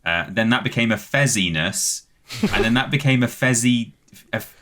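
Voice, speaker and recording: A man's voice: mid-range voice, moderate pace, background noise. A British man co-hosting a podcast, casually reading out facts at length with many "um"s and words spelled letter by letter. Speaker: podcast co-host.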